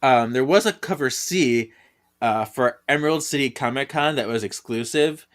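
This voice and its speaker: A man's voice: medium pitch, normal speed. A man co-hosting a podcast in casual chat, chatty and laughing often as he talks. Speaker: podcast co-host.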